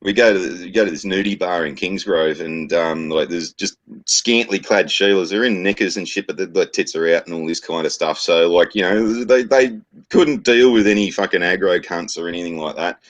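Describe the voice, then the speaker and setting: A man's voice: deep voice, fairly quick. An Australian man telling crude jokes and stories in a casual chat, with a laid-back, profane way of talking full of slang.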